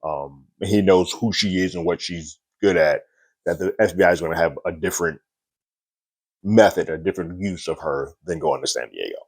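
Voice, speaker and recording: A man's voice: low voice, normal speed, slightly rough. A man casually recapping a TV episode, talking loosely with lots of "like" and restarts. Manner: loose, chatty retelling with frequent "like" and restarts. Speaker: TV reviewer.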